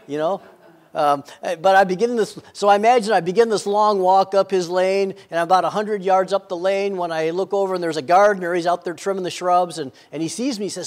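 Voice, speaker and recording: A man's voice: high voice, a little fast, darkish tone. A man preaching a sermon, telling an illustration with frequent stammered repeats. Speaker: pastor.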